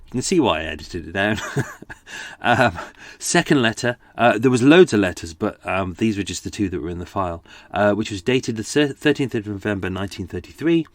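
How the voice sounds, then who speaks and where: Chatty man, low voice. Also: animated, brisk, dry recording. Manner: chatty, jokey, rambling asides. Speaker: true-crime podcast host. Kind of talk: casual chat.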